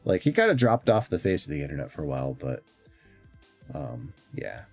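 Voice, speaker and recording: A man's voice: extremely low pitch, sing-song, a little fast, vocal fry, dry recording, soft background music. A man streaming in casual chat, rambling along with frequent fillers and restarts.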